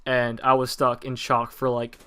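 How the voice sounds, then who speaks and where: A teenage boy recounts a story for his channel, his voice sitting at an ordinary middle pitch. He rambles casually, restarting sentences and filling gaps with "uh" and "like.". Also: monotone, normal speed, pushed and bright, a little hiss or hum. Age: teens. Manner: rambling, with frequent fillers and restarts. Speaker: vlogger telling personal stories.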